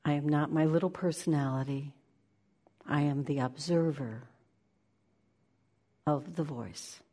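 A woman giving a spiritual talk, shifting between lively play-acting of inner voices and slow, hushed guidance. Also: deep voice. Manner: animated, acts out inner voices with laughter; slows into soft, hushed guidance. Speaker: spiritual teacher.

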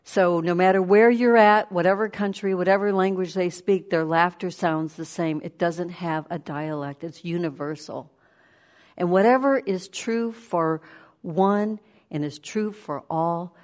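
A woman giving a conversational sermon, animated and storytelling. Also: lowish voice, measured pace. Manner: animated, storytelling, laughs while speaking.

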